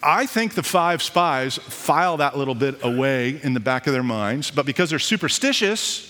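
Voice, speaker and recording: A man, a pastor, preaching a sermon in a lively, conversational way with casual asides and jokes. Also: mid-range voice, moderate pace. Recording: long reverb of a hall.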